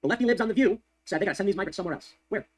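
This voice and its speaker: A man's voice: high voice, rapid-fire. A man delivering heated, sarcastic political commentary on the news, repeating his points for emphasis. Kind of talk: fast ranting news commentary.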